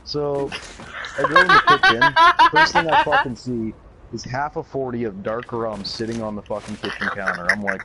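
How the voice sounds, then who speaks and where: A man's voice: medium pitch, sing-song, normal speed, gravelly. A young man with a Canadian accent casually telling a rambling party story, swearing constantly. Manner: profane, rambling, laid-back. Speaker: YouTuber. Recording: loud background noise.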